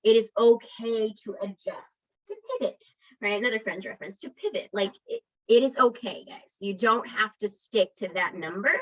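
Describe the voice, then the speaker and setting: A woman's voice: mid-range voice, fairly even intonation, normal speed, hardly any pauses, highs cut off. A woman wellness coach giving a conversational motivational talk to an online group, encouraging and often checking in with her listeners.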